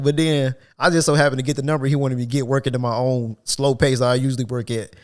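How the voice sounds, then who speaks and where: A man's voice: medium pitch, quick pace. A man on a casual podcast, telling a work story in slang and acting out the people he quotes. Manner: animated storytelling, acts out quotes with a raised voice. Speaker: podcast co-host. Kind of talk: casual chat.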